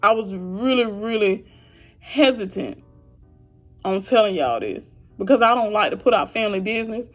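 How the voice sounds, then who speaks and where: A woman's voice: mid-range voice, expressive, normal speed, faint music behind. A young woman venting to her viewers about family trouble, frustrated and heartfelt, speaking directly and casually. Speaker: vlogger. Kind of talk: emotional venting to camera.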